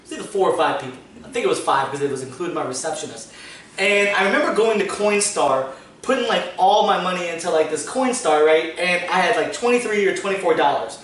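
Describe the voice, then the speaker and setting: A man's voice: high voice, lively intonation, quick pace, fairly bright tone. A man hosting a business podcast, telling long casual stories full of "like" fillers and the odd swear word. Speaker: podcast host, business owner. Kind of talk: casual storytelling chat. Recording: echoey room, distant mic, faint noise.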